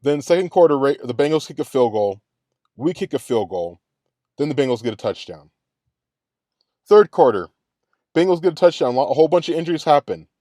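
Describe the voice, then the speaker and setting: A man's voice: a little high, lively intonation, brisk, long pauses, warm tone, no room sound, studio quality. A man hosting a sports reaction show, ranting in a heated, profane way and repeating his complaints. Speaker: sports podcast host. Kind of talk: angry sports reaction rant.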